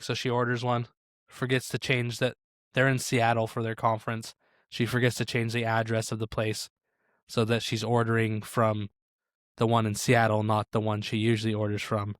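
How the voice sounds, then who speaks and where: A man's voice: on the low side, monotone, normal speed, clean tone, dry recording, clean studio sound. A man co-hosting a casual podcast, joking and telling an anecdote with quoted lines. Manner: joking, tells stories with quoted voices. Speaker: podcast co-host.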